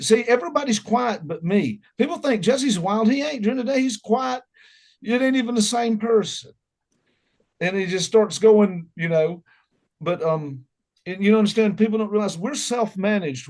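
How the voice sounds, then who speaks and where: A man's voice: high-pitched, darkish tone. A middle-aged man with a Southern accent, telling folksy, joking stories as an interview guest. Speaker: musician guest. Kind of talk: casual interview chat.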